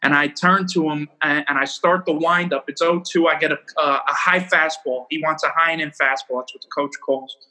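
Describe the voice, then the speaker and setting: A young man, a baseball pitcher, casually telling rambling, animated stories about his games and laughing at himself. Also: fairly quick, few pauses, rough recording. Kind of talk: casual storytelling interview.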